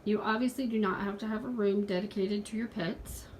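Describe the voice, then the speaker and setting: A woman's voice: mid-range voice, fairly even intonation, brisk, a little hiss or hum, rough recording. A woman in her forties talking earnestly in a casual home video from her pet room, pleading with viewers at points. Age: 40s. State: out of breath. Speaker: pet vlogger.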